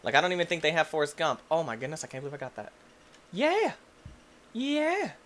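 A young man giving goofy, excitable commentary while he plays a video game, often yelping and shouting. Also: a little high, rapid-fire, slight background noise. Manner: goofy and excitable, shouts and yelps, silly quoted voices. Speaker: gaming YouTuber. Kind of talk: energetic gameplay commentary.

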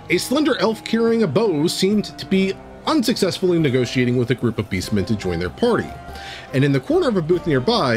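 A man streaming and game-mastering, reading an AI-written tabletop story live and breaking off to react to it. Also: mid-range voice.

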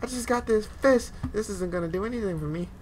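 A woman playing a horror video game and commenting, swearing at it, swinging from low mutters to loud yells. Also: fast. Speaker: gaming video host. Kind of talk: let's play commentary. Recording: game audio noise behind.

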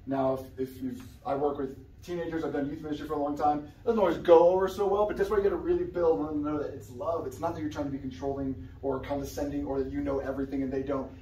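A young adult man, a guest preacher, giving a casual, conversational sermon with sudden loud outbursts. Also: a little high, a little hiss or hum. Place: church sanctuary. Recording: echoey church room, somewhat far from the mic.

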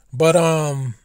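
A man's voice: fairly high pitch, darkish tone, no echo, clean studio sound. A man ranting bluntly and profanely in a casual vlog monologue, recorded in a car. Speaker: vlogger.

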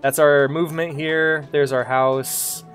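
A man's voice: fairly high pitch, little pitch movement, slow pace, a bit bright, faint music behind. Joking male game streamer. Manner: joking, self-deprecating, laughs often. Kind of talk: casual gameplay commentary.

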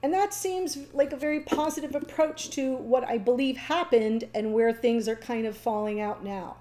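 A woman giving a casual, chatty tarot reading, talking warmly to the viewer with fillers and small laughs. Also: fairly high pitch, normal speed. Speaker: tarot reader.

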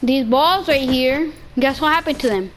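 A woman chatting casually while playing a video game, playful and excitable, often repeating herself. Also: sits high, normal speed. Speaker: gamer streamer. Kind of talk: casual gaming chat. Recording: noisy game capture.

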